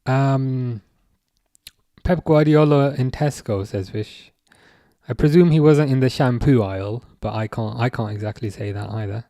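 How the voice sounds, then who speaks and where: A man's voice: medium pitch, mellow, no echo, studio quality. A young man hosting a live stream, reading viewer chat aloud and answering in a chatty, self-correcting way. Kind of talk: casual live chat commentary.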